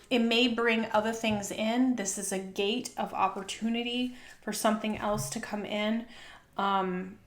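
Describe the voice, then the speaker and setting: A woman's voice: mid-range voice, reverberant. A woman giving a casual tarot reading in a chatty, filler-heavy way, often tagging on "right?" and "okay?". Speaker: tarot reader and spiritual coach.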